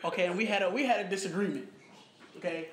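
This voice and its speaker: A young man in his early twenties with a high voice tells a personal story in relaxed, casual conversation, animated as he acts out what other people said. The recording is roomy and echoey, with a faint hum of noise underneath. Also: fast talker. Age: young adult, about 21. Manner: animated, acts out quoted people, frequent "you know what I'm saying". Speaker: interviewee in a photo project. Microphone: recorded conversation played back in the talk.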